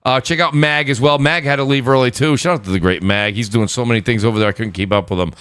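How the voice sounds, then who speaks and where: A man hosting a casual gaming podcast, joking and rambling with quick self-corrections as he chats with his panel. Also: medium pitch, steady tone, a bit bright, smooth, no room sound. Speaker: podcast host.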